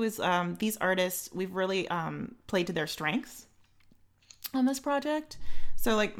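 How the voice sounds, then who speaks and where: A young woman co-hosting a podcast in casual chat, talking in a rambling way with lots of fillers and restarts. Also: mid-range voice. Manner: chatty, filler-heavy, frequent restarts. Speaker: podcast co-host.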